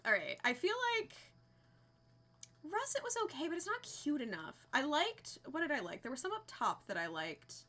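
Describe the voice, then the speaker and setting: A woman's voice: high voice, huge pitch swings, moderate pace, pushed and bright. A young woman live streaming a game, chatting casually and giggling as she reads out names with delight.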